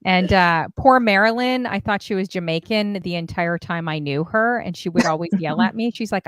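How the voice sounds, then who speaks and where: A woman from Canada hosting a casual panel chat over a video call, chatty and animated with quick asides. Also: on the low side, clean tone. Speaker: host.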